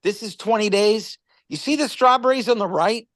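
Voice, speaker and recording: A man's voice: high voice, moderate pace, fairly bright tone, dry recording. A man casually presenting a product on a live stream, rambling through stories and stumbling over repeated words.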